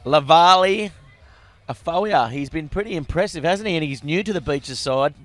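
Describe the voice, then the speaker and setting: A man commentating a live rugby sevens match, excitable and rising to shouts at tries. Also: fairly high pitch, moderate pace, dry recording. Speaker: sports commentator.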